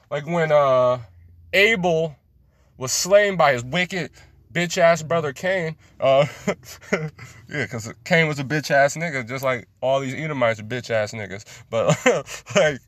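A man's voice: mid-range voice, lively intonation, unhurried, fairly bright tone, no echo. A man teaching a scripture lesson in a street style, preachy, emphatic and full of profanity.

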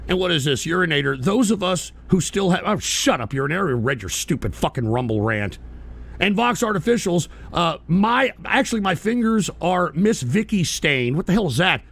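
A man hosting a live talk radio stream, ranting combatively with profanity and bursts of shouting. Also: high voice, very animated, moderate pace, creaky. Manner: mocking whiny impressions of critics.

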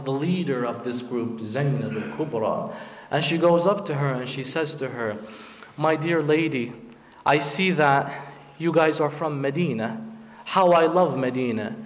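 Man, preacher, dramatic storytelling sermon, higher voice, long hall reverb. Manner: dramatic storytelling, voicing the figures in quotes. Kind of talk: Muharram majlis sermon. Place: large prayer hall. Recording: roomy hall echo.

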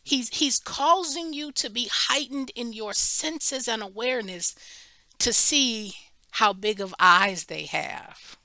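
Animated woman preacher, bright dry voice. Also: on the high side, takes it slowly, no room sound. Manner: animated storytelling, acts out quoted voices; emphatic with repeated restarts. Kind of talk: Bible study teaching.

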